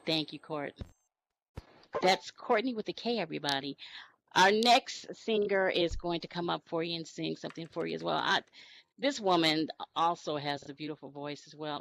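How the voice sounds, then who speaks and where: Woman talk show host, gushing and emotional, gravelly and forceful tone. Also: low voice, normal speed, a little hiss or hum, low-quality recording. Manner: gushing, emotional, introducing guests. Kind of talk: casual talk-show hosting.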